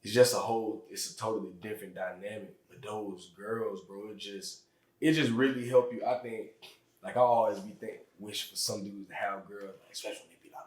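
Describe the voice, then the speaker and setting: A man's voice: lowish voice, steady tone, brisk. Laid-back podcast host, man, echoey room. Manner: laid-back, chatty slang, laughs easily. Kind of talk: casual interview chat.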